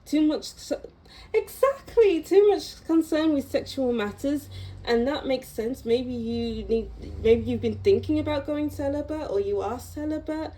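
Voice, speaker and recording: Slow, mellow-voiced woman reading tarot. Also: sits high, low-quality recording. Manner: slow, reflective, gently encouraging with pauses and restarts. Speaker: tarot reader. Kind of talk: unscripted tarot reading monologue.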